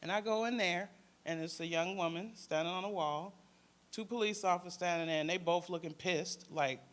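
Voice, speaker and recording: A former crisis worker with a Detroit accent, now a panelist, tells a story in casual speech and acts out the voices of the people in it. His voice is high-pitched and a bit bright, at a normal speed.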